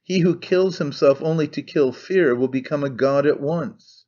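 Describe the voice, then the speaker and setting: A man voicing an intense, brooding young man obsessed with one idea, earnest and halting as he speaks. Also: fairly high pitch, a little mellow, lo-fi sound, natural voice. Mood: fervent. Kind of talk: audiobook character reading.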